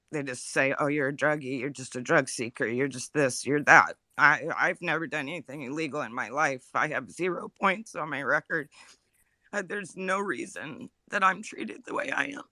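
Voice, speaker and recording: Upset woman, halting and earnest. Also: deep voice, bright, forceful tone, no room sound. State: upset, near tears. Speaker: speaker in a live audio chat room. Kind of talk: emotional personal testimony.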